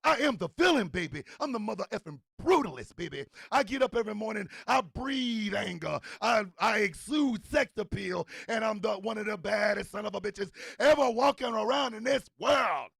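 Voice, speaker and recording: A man playing a boastful, trash-talking villain in a shouted wrestling-style promo. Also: high-pitched, animated, moderate pace, vocal fry, hardly any pauses, breathy edge, dry recording, pitched above the performer's own voice, heavily acted. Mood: boastful shouting. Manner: shouted swaggering promo, taunting rivals. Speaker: host.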